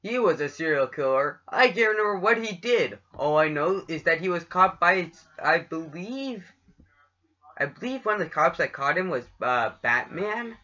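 A man's voice: on the high side, expressive, pushed and bright, muffled recording. A Canadian man co-hosting a podcast, joking around in goofy casual chat. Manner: goofy, quick to joke. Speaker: podcast co-host.

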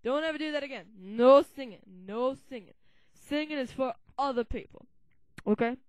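A woman's voice: high-pitched, brisk, a little mellow, dry recording, natural voice, low-quality recording. A woman voicing a pompous, bossy male town mayor in a fan comedy dub of a game, laying down decrees.

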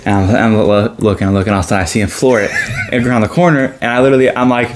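A man co-hosting a casual racing chat, speaking in a rapid, matter-of-fact way. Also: mid-range voice, noisy background. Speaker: podcast co-host.

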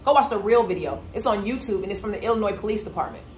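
A woman's voice: mid-range voice, lively intonation, racing, slight background noise. A woman vlogger in casual commentary, retelling a story emphatically and indignantly. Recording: echoey room with faint ambience.

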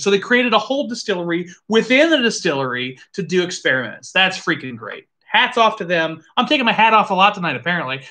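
Brief: lively tasting-show host, bright tone, offhand swearing, thinks out loud. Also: medium pitch. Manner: animated, swears casually, thinks aloud. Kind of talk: casual live tasting chat.

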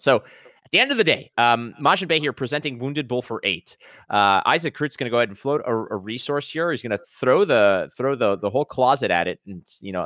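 A man from Quebec in his thirties calls card game action with playful excitement. His pitch swings widely, and the sound is dry and close. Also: brisk, no room sound. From Quebec, Canada. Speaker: commentator.

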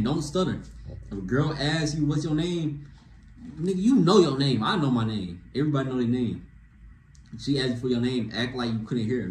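A young man ranting to camera with dating advice, animated and slangy, tossing in "bro" after nearly every phrase. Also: mid-range voice, slight background noise. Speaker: vlogger giving dating advice. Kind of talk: casual rant to camera. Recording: echoey room with faint ambience.

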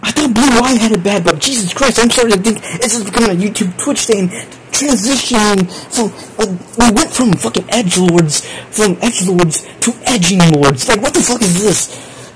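A young man with a high voice rants through chat confessions, swearing constantly and breaking into laughter. He sounds exasperated, and his mic picks up clear background noise. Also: moderate pace. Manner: profane, exasperated, bursts of laughter. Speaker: streamer reading chat confessions. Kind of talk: casual live stream commentary.

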